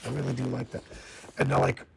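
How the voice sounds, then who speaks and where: A man's voice: mid-range voice, very animated, quick pace, vocal fry, noisy background. A man casually reviewing a comic book, enthusiastic and often stammering and repeating words.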